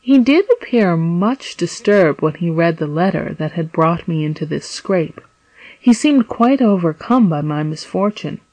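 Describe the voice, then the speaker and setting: An earnest young sailor, locked up and eager to work out who betrayed him, as a woman reader voices him. The voice is lowish and dry, recorded close with no echo. It stays near the reader's own voice, read as a storybook. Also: animated, a little slow, mellow. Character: young male sailor, wronged and earnest prisoner.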